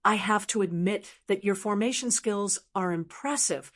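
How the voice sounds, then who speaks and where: A woman's voice: mid-range voice, normal speed, lightly acted. Woman reading as Ma Yujie, a coaxing cultivator. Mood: eager. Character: scheming young male cultivator, wheedling bargainer.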